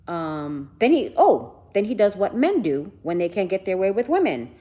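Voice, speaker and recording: A woman's voice: on the low side, big pitch swings, unhurried, warm tone. Blunt, profane woman venting to her phone. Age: 50s. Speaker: vlogger. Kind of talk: live house-tour vlog. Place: large house indoors. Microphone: handheld phone.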